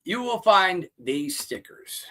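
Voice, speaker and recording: A male show host ranting with lots of swearing and pitching merchandise, loud and blunt. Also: sing-song, slow pace. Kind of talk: profane rant and merch pitch.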